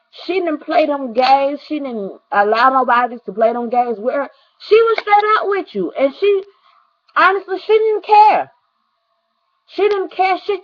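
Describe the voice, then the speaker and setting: A young woman telling a personal story to her viewers, earnest and rambling, often repeating herself and talking straight to the audience. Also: high-pitched. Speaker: vlogger. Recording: dull lo-fi recording.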